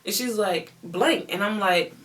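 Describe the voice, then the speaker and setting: A young woman telling a story on her vlog in a casual, animated, slangy way, repeating words for emphasis. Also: medium pitch, measured pace, recorded from a distance, a little hiss or hum. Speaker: beauty vlogger.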